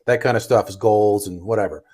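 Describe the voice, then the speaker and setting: A man's voice: fairly low pitch, brisk, dark tone. A man co-hosting a casual comedy podcast, tossing in crude, laughing wisecracks. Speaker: podcast co-host.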